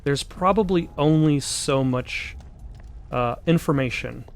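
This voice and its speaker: A man's voice: a little high, slow, gravelly, a little hiss or hum. A young man, out of breath, rambling through casual gameplay commentary with many ums and uhs. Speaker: let's play host.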